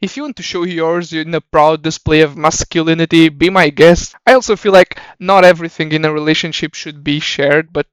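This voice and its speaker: A young man giving sarcastic, mocking comedic commentary, with a voice he calls not very deep. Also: steady tone, brisk, few pauses, clean tone, no room sound. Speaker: YouTube commentator.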